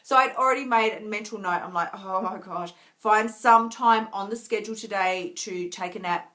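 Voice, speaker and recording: A tired, emotional woman coach talking earnestly to viewers on a live stream, restarting often and laughing softly. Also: medium pitch, normal speed. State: tired, near tears. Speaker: wellness coach.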